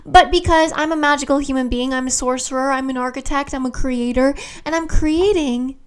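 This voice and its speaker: A woman's voice: high voice, fairly quick. A young woman vlogging about manifesting, effusive and rambling with lots of fillers, slipping into chanted affirmations. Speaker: spiritual vlogger. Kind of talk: casual affirmation monologue to camera.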